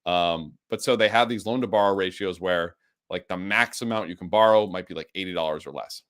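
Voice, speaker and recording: A man with the hiccups, teaching a live coding lesson with an enthusiastic, energetic way of explaining. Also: low voice, brisk. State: has the hiccups. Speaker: instructor.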